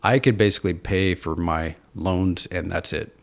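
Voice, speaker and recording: A man's voice: low-pitched, fairly even intonation, normal speed. A man from Seattle, a podcast guest, candidly telling his personal story in an earnest, self-deprecating, reflective way. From Seattle, USA.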